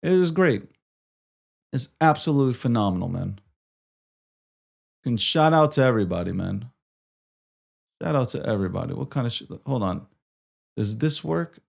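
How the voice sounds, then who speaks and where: A man's voice: mid-range voice, expressive, normal speed, creaky, long pauses. A man hosting a live stream, frustrated and swearing, repeating himself as he struggles with his setup. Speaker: livestream host.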